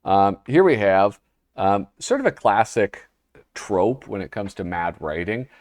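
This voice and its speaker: A man's voice: lowish voice, sing-song, measured pace, darkish tone, no room sound, clean studio sound. A man hosting a casual show, flipping through an old humor magazine and reading the panels aloud with a wry, rambling manner. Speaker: host.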